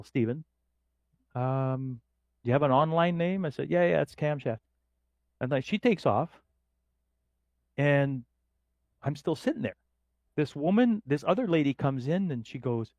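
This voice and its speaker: A middle-aged man from northern Canada, guesting on a podcast, tells casual stories with lively energy and performs the voices of the people in them. His voice sits a little high, and the recording has no room sound and its highs cut off.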